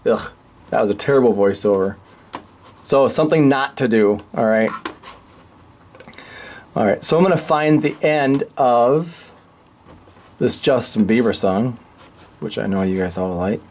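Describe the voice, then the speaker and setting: A man leads a relaxed walkthrough of how radio work is done. He talks loosely and thinks aloud, with a mid-range voice that stays plain and unforced. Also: medium pitch, a little slow, pauses often, a little hiss or hum. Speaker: radio teacher. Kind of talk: casual screen-share tutorial.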